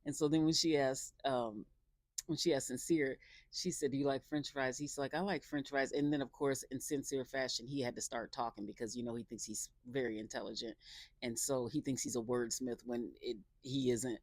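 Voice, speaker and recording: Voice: medium pitch, steady tone, moderate pace, darkish tone, dry recording. Chatty, opinionated recapper with a dry sound. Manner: chatty, opinionated, sarcastic asides; loose delivery with many fillers and restarts. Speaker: reality show reviewer. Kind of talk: casual episode recap.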